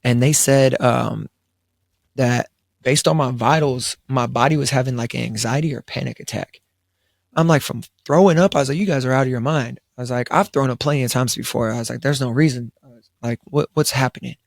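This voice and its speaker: A young podcast co-host with a drawl and a gravelly, fry-edged voice tells a long personal story around a studio table, laid-back and brisk at an ordinary pitch with fairly even intonation. He quotes himself with lots of "I was like," using frequent fillers and restarts, and the sound is dry and close with no echo.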